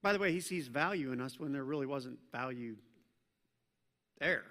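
A man preaching a sermon to a congregation, talking conversationally and joking with the room, swinging between loud emphasis and hushed intensity. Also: mid-range voice, expressive, normal speed. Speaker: pastor. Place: church service with a congregation. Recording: long church reverb.

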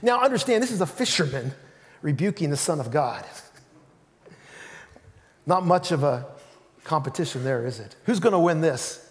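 A man preaching a sermon as pastor in a church, telling the story in an animated way and acting out the quotes. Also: on the high side, moderate pace, long pauses. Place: church sanctuary. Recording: reverberant church hall.

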